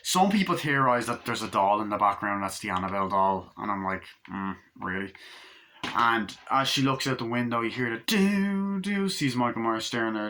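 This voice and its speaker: Bright-voiced young man rambling through a film review. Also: medium pitch, slight background noise. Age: 20s. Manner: rambling, retells scenes mimicking the dialogue, swears casually. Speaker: movie reviewer.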